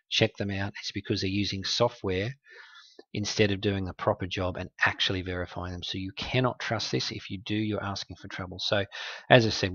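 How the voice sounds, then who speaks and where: Low-voiced man explaining a scam. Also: a bit bright, no echo, dull audio. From Australia. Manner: wry, conversational, explanatory. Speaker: host exposing scam websites. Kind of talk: screen-recorded walkthrough.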